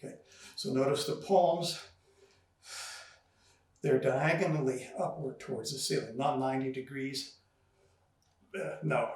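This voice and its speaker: A man teaching a qigong class, talking students through movements, counting breaths aloud with long exhaled sounds, and a little out of breath. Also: medium pitch. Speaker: qigong instructor. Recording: very echoey room, voice far from mic.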